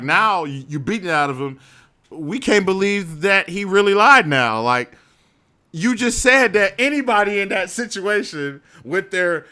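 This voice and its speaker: A man co-hosting a podcast, chatting loosely and laughing as he recaps wrestling, often acting out what wrestlers said. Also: fairly high pitch. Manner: animated, laughing, swearing, mimicking wrestlers. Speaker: podcast co-host. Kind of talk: casual wrestling recap chat.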